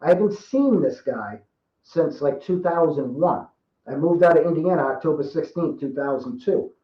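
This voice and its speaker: Man, 50s, from Rhode Island; chatty guest storyteller, slightly high voice, roomy lo-fi audio. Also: expressive, normal speed. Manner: rambling, chatty, repeats and restarts. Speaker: podcast guest. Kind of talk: casual storytelling. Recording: roomy, dull lo-fi sound.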